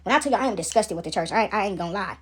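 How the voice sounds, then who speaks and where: Racing through her words, a young woman vlogger recounts something that has clearly shaken her, chatting casually with her viewers and sprinkling in "right?" and "y'all." Her mid-range voice is expressive, with a breathy edge.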